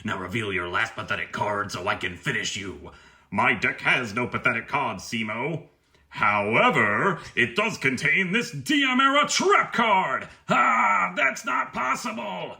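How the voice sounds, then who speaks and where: A man's voice: mid-range voice, expressive, measured pace, vocal fry, sharp tone, heavily acted. A man playing a hammy, taunting duelist in a comedy meme skit.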